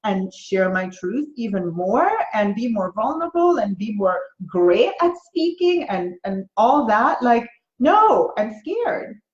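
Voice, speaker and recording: A frightened inner voice squeals in a high, jumpy pitch, as a woman puts it on. It sounds anxious and shrill, close to laughing. The room is echoey and the sound a little muffled. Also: very animated, slow. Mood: panicked. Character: panicky frightened inner ego, female. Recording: roomy, slightly dull recording.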